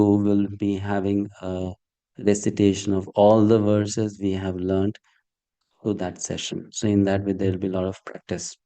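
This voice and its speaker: A man with a low, mellow voice leads an online verse class over a video call. He explains things patiently and keeps asking whether the students understand. His tone stays soft and dark. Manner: patient, checks understanding with frequent "hmm?" and "okay?". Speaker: Sanskrit verse teacher.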